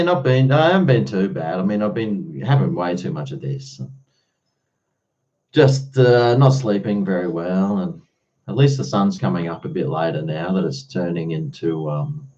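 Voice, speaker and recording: A man's voice: deep voice, warm tone, muffled recording. Blunt Australian man chatting on stream. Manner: blunt, swears freely, chatty. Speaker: live streamer answering chat. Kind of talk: casual live-stream chat.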